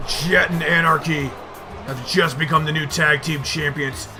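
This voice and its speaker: A man doing excited play-by-play commentary over a wrestling video game, bursting into shouted exclamations. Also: a little high, unhurried, over music.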